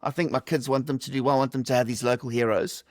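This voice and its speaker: A man's voice: medium pitch, steady tone, fast, no room sound, studio quality. A middle-aged man, a podcast guest answering reflectively with light humor over a video call. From South Africa. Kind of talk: conversational interview answers.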